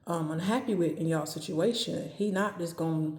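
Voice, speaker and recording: A woman giving dating advice in a casual talk to camera, speaking calmly and evenly and driving her points home by repeating them. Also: lowish voice, normal speed, echoey room. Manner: calm, even, straight-talking with emphatic repetition.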